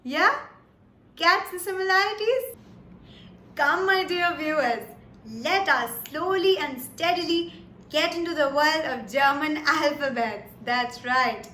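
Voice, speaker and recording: An Indian woman gives a slow, patient German lesson, repeating each word twice and frequently asking "Yes?" and "All right?". Her voice is high, unhurried, pushed and bright, recorded in an echoey room with faint background noise.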